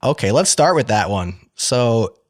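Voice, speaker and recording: A man's voice: medium pitch, very animated, a little slow, no room sound, clean studio sound. A man hosting a podcast word game, reading definitions aloud and joking with the players. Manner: laughing, playful, reads definitions aloud. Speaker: podcast host, game show moderator. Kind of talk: casual game-show banter.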